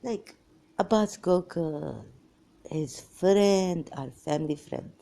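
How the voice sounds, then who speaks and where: A woman's voice: on the low side, takes it slowly, creaky, dark tone. A woman, talking in a scattered, exasperated vlog monologue that jumps between topics. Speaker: ex-Muslim vlogger. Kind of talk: rambling monologue to camera.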